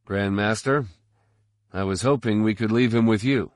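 A man voicing a calm, deadpan military general in an audiobook, measured and even. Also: on the low side, no echo, studio quality, lightly acted. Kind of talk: audiobook character voice.

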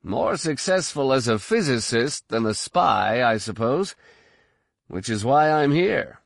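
A man voicing a mild, friendly middle-aged scientist in an audiobook, a bit higher than his narration. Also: animated, a little slow, creaky, no echo, clean studio sound. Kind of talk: audiobook character voice.

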